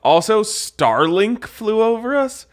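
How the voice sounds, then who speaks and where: A man's voice: high voice, sing-song, slow. A man co-hosting a podcast, telling stories in slangy, laid-back, casual banter. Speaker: podcast co-host.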